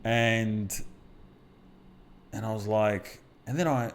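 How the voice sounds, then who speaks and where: A man's voice: on the low side, steady tone, slow pace. A middle-aged man, talking bluntly and swearing often as a podcast co-host and mindset coach, telling stories from his own life. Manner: blunt, heavy swearing, storytelling. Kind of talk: casual podcast chat.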